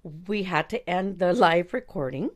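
A woman's voice: lowish voice, lively intonation, unhurried. A woman in her forties from East Los Angeles, telling a personal story as a podcast host in a blunt, profane, casual way. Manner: blunt and profane, talks straight to listeners.

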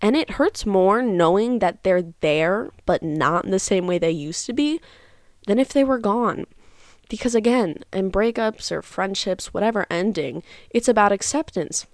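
A woman's voice: mid-range voice, lively intonation, moderate pace, dry recording, clean studio sound. Frank, chatty young woman host. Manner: chatty, frank, uses many fillers. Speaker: podcast host. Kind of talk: casual advice monologue.

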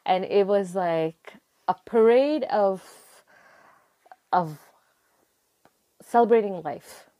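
A young woman telling a personal story in conversation, acting out her own past words with rising excitement. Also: medium pitch, slow, long pauses, lo-fi sound. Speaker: interview guest.

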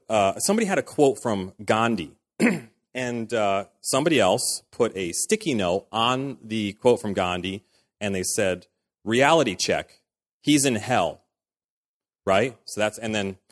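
In a church, a man with a lowish voice, likely a pastor, gives a casual, conversational sermon full of fillers and acted-out quotes.

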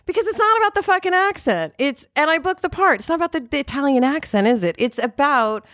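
A woman guest on a podcast, talking in an animated, rambling way with lots of fillers and casual swearing. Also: high voice, fast talker, dry recording, studio quality. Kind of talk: casual interview chat.

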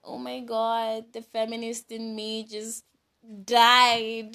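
A young woman with a Kenyan accent telling a story in a casual vlog, animated and mixing English with Swahili slang. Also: a little high, slow pace. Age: young adult. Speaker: vlogger. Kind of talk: storytime chat.

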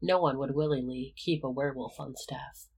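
Calm narrator reading fan fiction, husky and breathy. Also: medium pitch, moderate pace, low-quality recording. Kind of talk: fan fiction read aloud.

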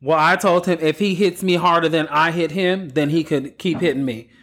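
Sassy profane man, higher voice. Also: steady tone, moderate pace, a bit bright. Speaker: podcast co-host. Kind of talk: casual chat.

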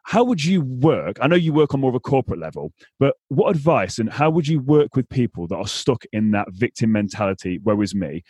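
Fast-talking, husky man. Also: medium pitch, big pitch swings, darkish tone, no room sound. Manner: blunt, swears freely, emphatic. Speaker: podcast host. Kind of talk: casual conversational interview.

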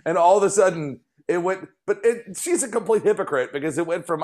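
Host, male, forties, lively storyteller with a slightly raised pitch. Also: brisk. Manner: animated, acts out quotes in a high voice. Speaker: podcast host. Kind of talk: casual storytelling chat.

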